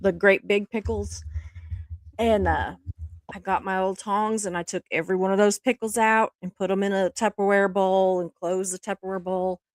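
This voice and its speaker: A woman's voice: medium pitch, no echo. A woman with a mid-range voice tells a long story at an easy pace, full of fillers and asides. The sound is close and dry, with no room around it. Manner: relaxed drawn-out storytelling with fillers. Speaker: co-host. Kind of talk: casual storytelling chat.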